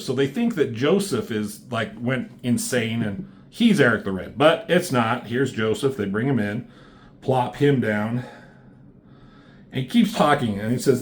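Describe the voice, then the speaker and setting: A man casually recapping a comic issue, rambling and reading panels aloud with quick voiced quotes and casual swearing. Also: medium pitch, big pitch swings. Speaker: comic book reviewer.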